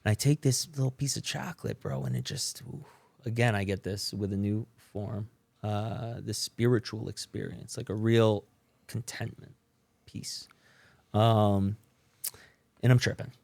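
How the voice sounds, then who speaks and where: A man speaks in a low, relaxed voice as a podcast guest and tells his own story. His talk is slangy and loose, with plenty of fillers and restarts. The sound is dry and close, with no room around it. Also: a little slow, gravelly, no room sound. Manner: laid-back and slangy, with many fillers and restarts. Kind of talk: casual storytelling about his recovery.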